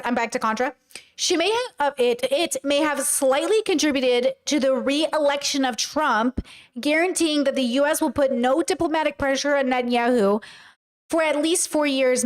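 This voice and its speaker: A woman livestreaming, reading a text aloud and reacting with emotional, exclaiming commentary. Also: high-pitched. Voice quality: tearful at times. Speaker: streamer reacting to a video.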